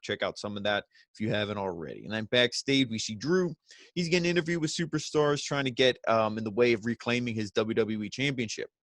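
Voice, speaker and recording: A man's voice: medium pitch, fairly bright tone, no echo. A man recapping a wrestling show in casual talk, rambling and restarting sentences, briefly acting out what the wrestlers said. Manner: rambling, restarts mid-sentence, acts out quotes.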